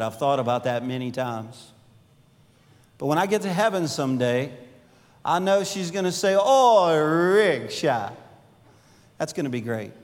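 A middle-aged male pastor preaching a sermon, swinging between loud emphasis and hushed, intimate asides. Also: on the high side. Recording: long hall reverb.

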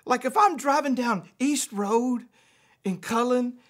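A high, strained voice breaks as a pastor acts out an excitable homeless man who cannot believe what he hears. The man has a Louisiana accent and cries out in disbelief, as if close to tears. The voice jumps up far above the preacher's own. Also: takes it slowly. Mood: eager. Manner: shouting in disbelief, voice cracking. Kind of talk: acted quote in a sermon story.

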